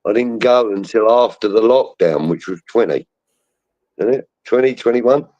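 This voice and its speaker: Low voiced guy on a video call, dull lo-fi sound, rambling chatty stories. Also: normal speed, dark tone. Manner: rambling storyteller, acts out quoted voices. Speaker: podcast co-host. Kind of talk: casual chat. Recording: dull lo-fi stream audio.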